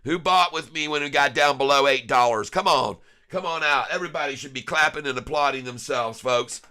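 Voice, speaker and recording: A man giving live stock market commentary, excitable and laughing often, breaking into rhyming hype riffs. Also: a little high, brisk. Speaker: stock trading vlogger.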